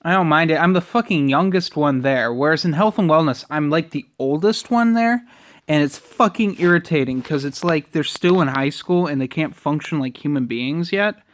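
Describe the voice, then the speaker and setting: A man's voice: on the high side, normal speed. Irritated young man ranting, cursing. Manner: profane, irritated griping. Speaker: vlogger. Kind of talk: casual ranting vlog.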